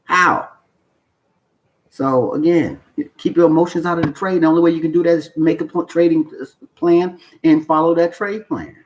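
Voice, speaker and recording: A trading channel host with a slightly high, dark voice talks briskly and steadily to the camera without a script, over poor audio with slight background noise. He is blunt and emphatic, repeats his points, swears for stress, and coaches by asking "okay?" and "you know why?"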